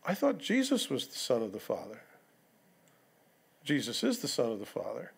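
A man's voice: medium pitch, wildly swooping pitch, moderate pace, vocal fry, husky. A male pastor preaching an expository sermon, conversational, with rhetorical questions and asides to the congregation. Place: church sanctuary.

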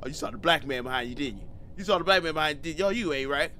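A man's voice: fairly high pitch, animated, racing, pushed and bright, slight background noise. A man doing casual let's-play commentary, slangy and joking, reading game text aloud and riffing on it with plenty of swearing. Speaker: gaming YouTuber.

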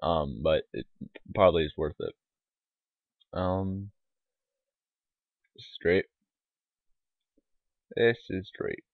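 Deep-voiced man rambling over a game. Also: slow, long pauses, no echo. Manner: rambling, mumbled asides with many fillers. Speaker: gaming YouTuber. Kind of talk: casual let's-play commentary. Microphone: desktop microphone. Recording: tinny lo-fi dry mic.

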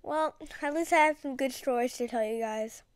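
High, dry-voiced chatty gamer woman. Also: moderate pace, clean tone, dry recording. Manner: chatty, dramatic, slangy, rambling. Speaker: gaming video creator. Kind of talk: casual gameplay commentary.

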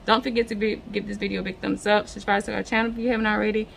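A woman hosting a reaction video, congested and slightly raspy, chatting casually with lots of fillers. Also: medium pitch, flat delivery, racing, a bit bright, slight background noise. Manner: enthusiastic, many fillers. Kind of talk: casual chat.

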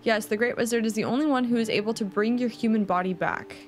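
A woman's voice: a little high, fast talker, soft background music, lightly acted. A woman reading aloud the lines of a wise but evasive king from a video game. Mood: calm. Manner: reading dialogue aloud plainly.

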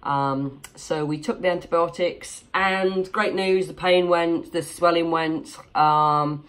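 A woman's voice: on the low side, steady tone, slow. A woman in her forties from Yorkshire, telling her personal story to camera from her home office in a candid, chatty, lightly joking way. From Yorkshire, England. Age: 40s. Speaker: vlogger.

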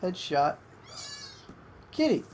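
An excitable young gamer calls a match live, cursing at rivals and breaking off to coax a pet in a lifted voice. The pitch sits mid-range, with a faint hiss of noise underneath. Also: slow. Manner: excitable, swears at opponents, coaxes a pet in a higher voice. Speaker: gamer doing live commentary. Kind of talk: live gameplay commentary.

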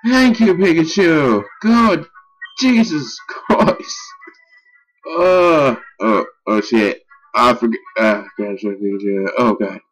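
A young man giving casual gameplay commentary, excitable and easily frustrated, swearing and yelling at his game. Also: mid-range voice, slow, soft background music, low-quality recording. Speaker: let's play gamer.

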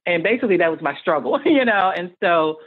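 A middle-aged woman talks in an earnest, motivational way, stacking up emphatic lists. Her voice sits fairly low. The sound is thin and tinny, like a phone call. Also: animated, a little fast. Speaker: guest, speech-language pathologist. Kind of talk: podcast interview.

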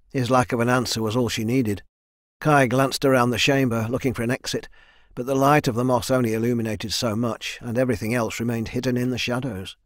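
A male narrator reads a fantasy audiobook in an even, measured way. His voice sits in a middle range. The recording is dry and close, from a studio booth. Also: medium pitch, no echo. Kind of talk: scripted narration.

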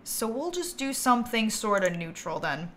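A woman livestreaming a game, chatting casually and thinking aloud, with bursts of giggly excitement. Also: a little high, moderate pace, slight background noise. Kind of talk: casual gameplay commentary.

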